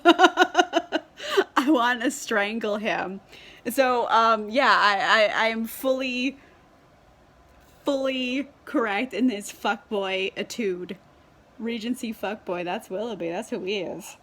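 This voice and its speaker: A woman's voice: fairly high pitch, a little slow, fairly bright tone. Chatty, tipsy woman reviewing a book. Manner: chatty, swearing, filler-heavy, giggly. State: tipsy from wine. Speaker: book vlogger. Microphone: tripod camera.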